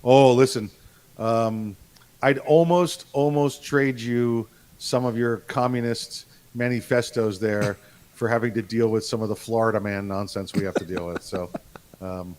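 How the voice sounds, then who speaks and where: A man co-hosting a casual podcast, talking in a relaxed, rambling way with chuckles. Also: lowish voice, a little slow. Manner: laid-back, chuckling, rambling. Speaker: co-host.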